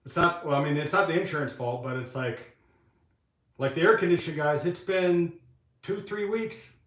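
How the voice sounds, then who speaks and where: A man's voice: on the high side, moderate pace, fairly bright tone. Profane, rambling man in an echoey shop. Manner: rambling, profane, venting frustration. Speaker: webcam channel host. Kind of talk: casual live-stream talk while working. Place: private workshop, indoors. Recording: echoey room, mic far off.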